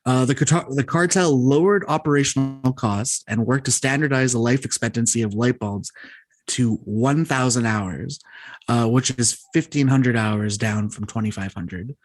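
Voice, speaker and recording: A man's voice: medium pitch, normal speed, no echo. A man co-hosting a podcast, reading out a researched explainer and stumbling over hard words now and then. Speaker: podcast co-host. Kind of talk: casual chat and read-out explainer.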